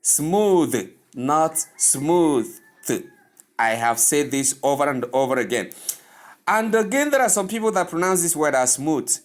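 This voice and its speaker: A man's voice: on the high side, lively intonation, normal speed. Man teaching pronunciation, insistent. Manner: insistent, repeats words many times over. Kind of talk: pronunciation lesson.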